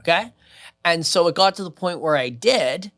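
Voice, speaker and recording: A man guesting on a podcast, telling show stories with brash, boastful energy. He talks in bursts, getting loud for punchlines and dropping low for asides. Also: normal speed. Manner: brash, boastful, lively swings in loudness. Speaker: mentalist guest. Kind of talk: animated storytelling in conversation. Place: podcast studio.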